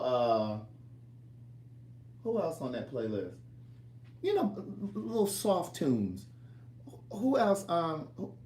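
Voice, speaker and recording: A man's voice: fairly high pitch, a little mellow, echoey room. A man hosting a casual cooking livestream from his home kitchen, chatting and teasing viewers as he reads their comments aloud.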